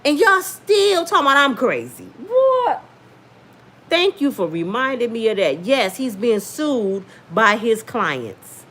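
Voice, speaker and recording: Animated sassy woman with a lively voice. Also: a little slow, few pauses. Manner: animated, sassy, rising to high exclaims. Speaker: livestream host reading viewer comments. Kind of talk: casual commentary livestream.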